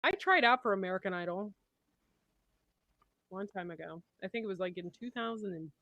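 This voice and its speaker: A woman's voice: mid-range voice, animated, fairly quick, fairly bright tone, rough recording. A woman hosting a casual livestream chat, bubbly and rambling. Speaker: livestream host.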